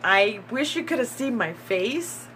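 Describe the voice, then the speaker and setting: Slow-talking woman giving a tarot reading. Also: on the high side, slight background noise, low-quality recording. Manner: excitable, breathless bursts, repeats herself. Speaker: tarot reader.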